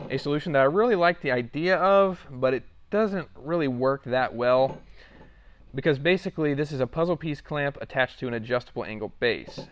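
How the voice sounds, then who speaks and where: A young man hosting a casual product walkthrough, relaxed and rambling with lots of fillers. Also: medium pitch, clear, resonant tone, dry recording. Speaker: product demo host.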